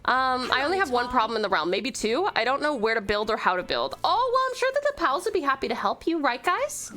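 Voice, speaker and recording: Bubbly high-voiced woman streamer. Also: big pitch swings, quick pace, sharp tone, faint music behind. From Tasmania, Australia. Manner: gushing, swears a lot, greets chat with pet names. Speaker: VTuber streamer. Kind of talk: casual game stream chat.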